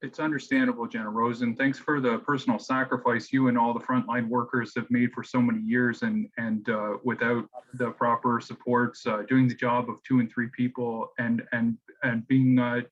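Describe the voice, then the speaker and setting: Halting man moderating, dull lo-fi audio. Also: mid-range voice, little pitch movement. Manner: halting, many "uh" and repeated words. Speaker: townhall moderator. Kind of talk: moderating a townhall discussion. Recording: dull lo-fi sound.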